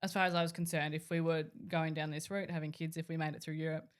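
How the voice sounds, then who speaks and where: A young woman chatting as a podcast guest, quick to jump in and finish her partner's thoughts. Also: sits low, little pitch movement. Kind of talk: casual chat.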